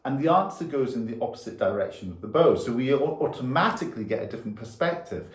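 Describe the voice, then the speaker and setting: A man teaching violin explains bow technique patiently and step by step, demonstrating along the way. He talks fast with lively intonation in a mid-range voice, with faint music behind him in an echoey room with the violin.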